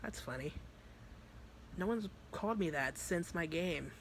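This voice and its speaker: A man voicing a calm, commanding woman fighter who speaks in a low, steady, dry way. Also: moderate pace, a little hiss or hum, natural voice. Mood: grim.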